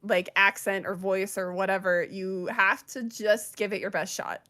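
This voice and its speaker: A woman's voice: medium pitch, steady tone, moderate pace, sharp tone. A woman co-hosting a podcast in casual chat, giggly and full of fillers. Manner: chatty, giggly, with many fillers. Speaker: podcast co-host.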